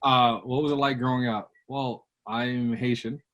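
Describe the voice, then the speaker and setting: A man in his thirties from Brooklyn telling stories as a guest on an interview show. His voice sits at an everyday middle pitch. He talks casually and gets animated when he acts out the people in his stories. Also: unhurried, muffled recording. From Brooklyn, New York. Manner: animated storyteller, acts out quotes with a raised voice.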